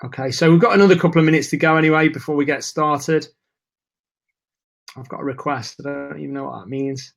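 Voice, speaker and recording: A man's voice: a little high, fairly even intonation, a little fast, gravelly. A man hosting a live webinar, chatting casually and greeting viewers by name, a bit nervous. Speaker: webinar host.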